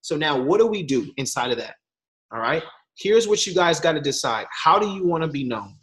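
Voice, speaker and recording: A man's voice: fairly high pitch, fairly quick. A young man giving a casual motivational talk as a guest speaker, telling stories with voiced quotes. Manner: animated storytelling with voiced quotes, slangy.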